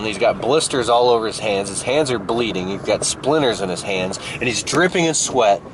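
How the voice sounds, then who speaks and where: A man giving an improvised motivational story in an animated, emphatic way. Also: background noise. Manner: animated, emphatic, jumps up in pitch for effect. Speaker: motivational speaker.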